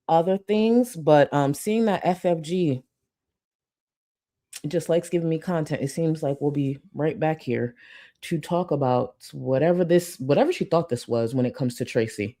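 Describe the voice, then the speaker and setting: A woman's voice: deep voice, warm tone. A young woman hosting a casual commentary livestream, chatting and reading out supporter messages. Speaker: livestream host.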